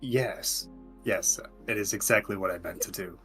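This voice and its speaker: A man's voice: lowish voice, normal speed, fairly bright tone, faint music behind. A man playing a tabletop game, speaking in a dry, formal way in character. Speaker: player.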